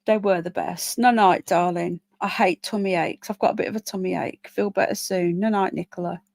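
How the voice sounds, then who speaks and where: Fairly low in pitch with vocal fry and a darkish tone, this woman speaks fairly quickly with fairly even intonation, recorded without echo. She's a livestream host in casual chat mode, yawning and weary, reading comments and pausing between points to address her pets.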